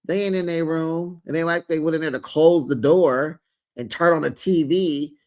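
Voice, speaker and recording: A host giving a casual recap of a reality show, chatty, with quick teasing asides, laughing often and acting out what people said. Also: mid-range voice, fairly even intonation, darkish tone.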